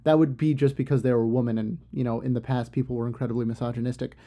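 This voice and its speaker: Man, relaxed and mellow, casual storyteller who riffs, jokes and pops into quick character voices. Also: mid-range voice. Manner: loose and joking, full of "you know" and "like". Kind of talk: casual retelling of an ancient epic.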